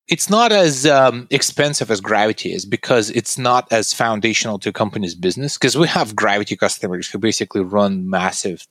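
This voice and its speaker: A man's voice: fairly low pitch, no room sound. A man, a tech company founder, giving earnest, explanatory interview answers about his product.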